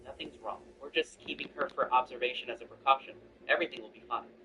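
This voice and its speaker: A man voicing a calm woman nurse who reassures the family in a matter-of-fact way. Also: medium pitch, fast talker, close to an everyday voice. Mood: reassuring. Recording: distant mic with background music.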